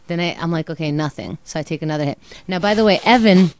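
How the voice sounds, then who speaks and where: A young woman hosting a podcast, telling a story in a casual, animated way and acting out her own quotes. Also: lowish voice, fast talker, slight background noise. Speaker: podcast host.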